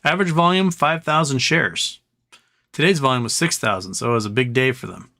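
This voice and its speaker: A man's voice: medium pitch, brisk, vocal fry, bright, forceful tone. A man hosting a casual livestream, thinking aloud and then ranting in an exasperated way. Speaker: livestream host.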